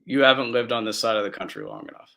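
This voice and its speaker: A man's voice: mid-range voice, fast, gravelly, fairly bright tone. A man co-hosting a casual talk show, hesitant and jokey, often restarting his sentences. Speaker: podcast co-host. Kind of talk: casual chat.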